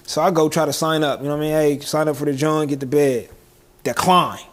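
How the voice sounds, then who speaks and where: A young man co-hosting a podcast, his voice sitting a little high. He tells a story in animated, slangy chat and laughs often along the way. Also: a little fast. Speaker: podcast co-host.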